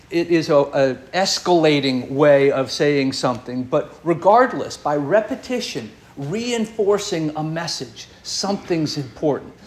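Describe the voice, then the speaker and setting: A man preaching a sermon, delivering it expressively, his voice swinging up and down with dramatic pauses. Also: high-pitched, a little hiss or hum. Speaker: pastor.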